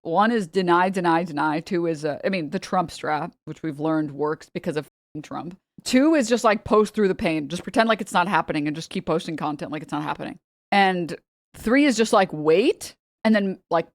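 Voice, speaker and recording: A young woman streamer giving casual, joking reaction commentary, chatty and quick to laugh. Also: on the low side, no room sound, studio quality.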